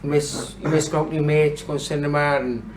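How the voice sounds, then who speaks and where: A man in his thirties, a boxer chatting casually as an interview guest, blunt and sweary and quick to laugh. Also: on the high side, flat delivery, a crowd in the background, low-quality recording. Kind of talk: casual chat.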